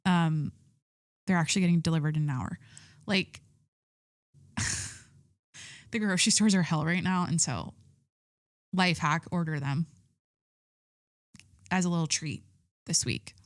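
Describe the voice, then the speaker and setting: A woman's voice: on the low side, unhurried, pauses often, dry recording, clean studio sound. A woman in her thirties hosting a solo podcast, chatting casually and rambling, with frequent swearing and filler words. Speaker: podcast host.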